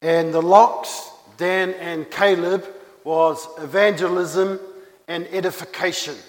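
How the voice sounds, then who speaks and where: Slow-preaching New pastor in a hall. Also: male voice, sits high, steady tone. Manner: earnest, repeats key phrases for emphasis. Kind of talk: sermon. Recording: long reverb of a hall.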